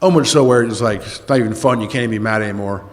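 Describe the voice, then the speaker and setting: A man's voice: lowish voice, rapid-fire. An older man telling a rambling, self-mocking story to a recovery meeting, with many fillers. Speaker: recovery speaker. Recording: echoey hall.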